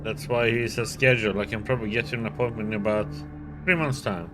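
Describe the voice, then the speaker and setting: A man's voice: fairly low pitch, fairly even intonation, fast, music in the background, lightly acted. A man voicing a playful, flirty woman secretary of about thirty, speaking in a teasing, sing-song way in a video game.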